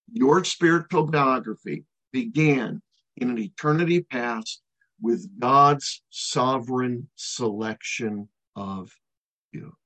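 Husky middle-aged man, pastor mid-sermon, emphatic, stretches key words and drops his voice at the ends of phrases. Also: medium pitch, fairly bright tone, low-quality recording. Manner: emphatic, slows to stress key words, drops to near-silent on final words. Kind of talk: expository sermon.

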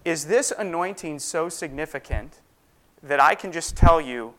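A man's voice: a little high, expressive, measured pace, pushed and bright. A man teaching a Sunday school Bible class, explaining step by step and asking and answering his own questions.

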